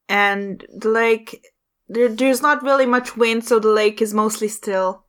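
A woman running a tabletop game as game master, narrating in a halting way with many pauses. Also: mid-range voice, fairly bright tone. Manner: halting, many fillers and restarts.

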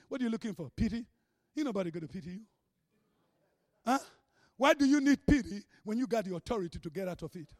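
High-voiced preacher shouting a sermon. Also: male voice, lively intonation, a little fast, dry recording, studio quality. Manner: dynamic preaching, swings from shouting to hushed mock voices.

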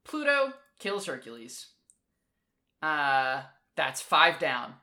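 A woman's voice: deep voice, slow pace. A woman co-hosting a podcast, chatting casually and animatedly about a comic, swearing now and then. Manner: animated, swears casually, acts out characters in quotes. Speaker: podcast co-host. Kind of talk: casual chat.

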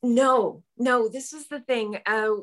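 A woman's voice: fairly high pitch, slow. Chatty laughing woman telling a story. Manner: chatty, laughs often, restarts sentences. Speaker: guest. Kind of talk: storytelling in casual chat.

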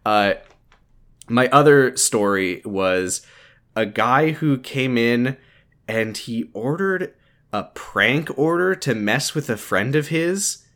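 A young man co-hosting a podcast in relaxed chat. He speaks wryly and bluntly and swears now and then. His voice sits in an ordinary middle pitch. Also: slow pace. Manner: wry, blunt reactions with swearing. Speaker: podcast co-host. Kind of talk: casual chat.

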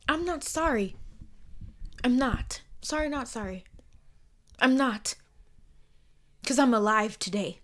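A young woman hosting her own podcast, talking alone in a blunt, heated, profane way that swings between soft and loud. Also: a little high, lively intonation, slow pace, pauses often. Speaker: podcast host. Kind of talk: emotional solo podcast monologue.

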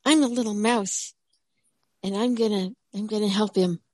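A woman voicing a small, helpful mouse who talks quickly and fussily, heard distantly over a phone line. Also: mid-range voice, fairly even intonation, darkish tone, no room sound, lightly acted.

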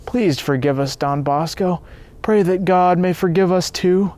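A man's voice: high voice, a little slow, a little mellow, pitched above the performer's own voice. A man reading the part of a wealthy, proud married nobleman in a storybook telling. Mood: grieving.

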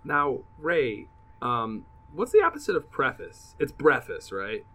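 A man's voice: mid-range voice, huge pitch swings, unhurried, pushed and bright. A man co-hosting a podcast in casual chat, joking and teasing his friends. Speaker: podcast co-host.

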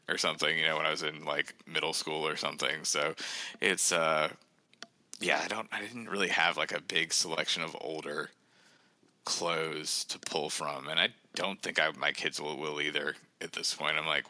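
A man's voice: extremely low pitch, steady tone, normal speed, pushed and bright, no room sound. A man in his thirties, a guest author in a casual podcast chat, rambling with self-deprecating humor.

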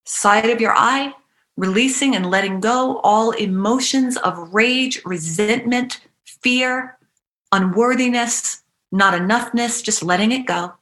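A woman coaching a guided EFT tapping meditation, giving slow, soothing, repetitive cues. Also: fairly high pitch, fairly bright tone. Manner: playful bursts of animal noises and laughter.

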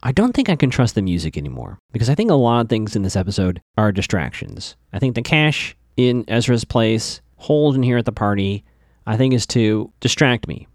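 A man's voice: lowish voice, sing-song, fairly quick, a little mellow, no room sound, studio quality. A man casually recapping a TV episode, chatty, with lots of fillers, stammered restarts and asides to his listeners.

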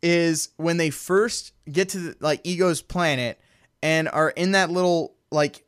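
A man co-hosting a podcast in casual chat, animated and laughing as he acts out movie quotes. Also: a little high, unhurried, clean tone, dry recording, studio quality. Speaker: podcast co-host.

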